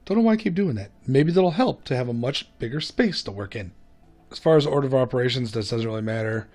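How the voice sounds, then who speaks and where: A man's voice: medium pitch, expressive, fast, darkish tone, faint music behind. A man hosting a gaming video, giving casual gameplay commentary in a chatty, self-mocking way. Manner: chatty, self-mocking, hums and laughs to himself.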